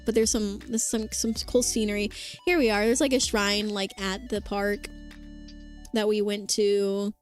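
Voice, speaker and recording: This vtuber is a young woman with a medium-pitched, fairly flat voice who speaks a little slowly, her throat sore after hours of talking. She reads chat aloud and rambles with lots of "like" and "um" over faint background music.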